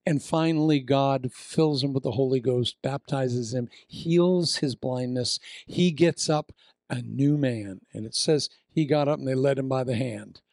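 An older man from Iowa preaching a sermon, telling the story with lively acted-out voices and asides. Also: mid-range voice, a little slow, gravelly, no echo, clean studio sound. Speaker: pastor.

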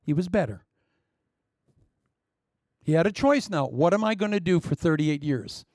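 A man preaching a sermon, animated and humorous, acting out the voices of the people he quotes. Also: fairly high pitch, normal speed, no room sound, studio quality. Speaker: pastor.

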